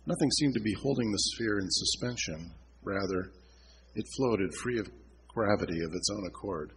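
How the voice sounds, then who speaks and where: Low-voiced guy reading his own novel at a con, trips over words sometimes. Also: normal speed, a little hiss or hum, poor audio. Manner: reads with slips and restarts. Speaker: author reading his book. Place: comic convention reading.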